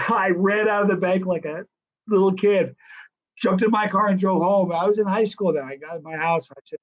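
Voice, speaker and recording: A man in his sixties hosting a casual live stream Q&A, telling stories in a chatty, animated way. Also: high voice, normal speed. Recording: dull lo-fi live stream audio.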